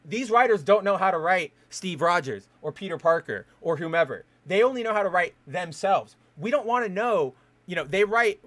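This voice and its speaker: Man, podcast host, casual rant, profane, heated, slightly high-pitched. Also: animated, a little fast, fairly bright tone. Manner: heated, profane ranting with frequent restarts.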